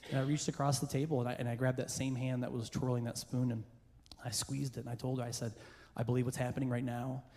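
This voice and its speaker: A man telling a funny personal story in a sermon to a church crowd, moving between playful jokes and hushed earnest moments. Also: mid-range voice, little pitch movement, fast. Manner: comic, self-deprecating storyteller who shifts into hushed earnest passages. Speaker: church speaker. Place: church hall with a live audience. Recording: roomy hall reverb with faint background noise.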